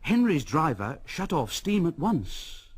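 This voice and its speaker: A man reading a children's storybook aloud as narrator, in an expressive way. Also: fairly high pitch, slow pace, breathy edge. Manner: expressive, with lively rises and falls.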